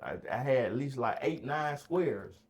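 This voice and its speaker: A young man telling a story casually on a podcast, acting out voices with sudden loud high bursts. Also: animated, unhurried.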